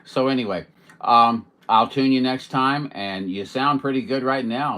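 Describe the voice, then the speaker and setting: A man chatting casually on a CB radio from home, in a relaxed, chatty way and somewhat hoarse. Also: medium pitch, a little slow. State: losing his voice. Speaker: CB radio operator. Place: home radio station in Missouri.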